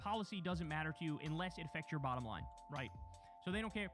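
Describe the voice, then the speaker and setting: A man's voice: fairly high pitch, animated, fast, music in the background. A man streaming reaction commentary on clips, blunt and ranting, swearing heavily.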